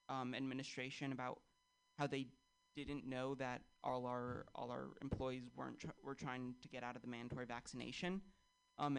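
Male comic, deadpan and frustrated, everyday mid-pitched voice. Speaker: comedian. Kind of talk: stand-up comedy set.

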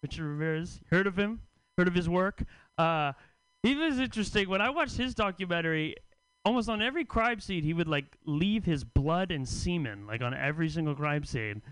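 Bright, high-voiced stand-up comic. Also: male voice, normal speed, clean tone, dry recording, low-quality recording. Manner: deadpan, teasing, stammering restarts. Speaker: comedy festival host and comedian. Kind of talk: stand-up set. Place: comedy club stage.

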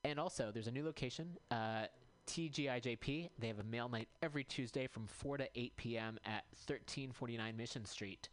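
A man hosting a community radio show, reading out upcoming events in a casual way and pausing to check details. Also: mid-range voice, low-quality recording. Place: radio studio.

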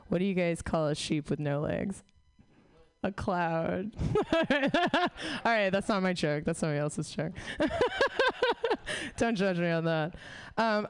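Woman stand-up, 30s, swears freely and mocks herself, smooth clear voice, dry mic. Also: lowish voice, dry recording. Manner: profane, self-deprecating, rambling. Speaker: stand-up comic. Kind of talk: stand-up set, casual riffing.

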